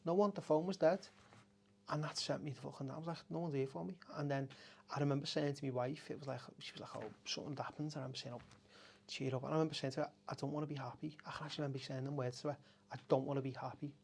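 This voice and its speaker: A middle-aged café owner from Liverpool, England, guests on a podcast and tells candid conversational stories very fast, in a gravelly, darkish, somewhat high voice with fairly even intonation. Emotional and raw, he swears often and keeps breaking off to start over. There's a little hiss or hum.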